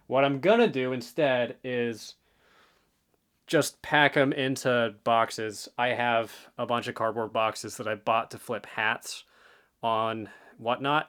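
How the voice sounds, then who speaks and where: A man's voice: lowish voice, creaky, a bit bright. A man talking casually to the camera as a reselling vlogger, offhand and rambling, a bit out of breath. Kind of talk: casual vlog talk.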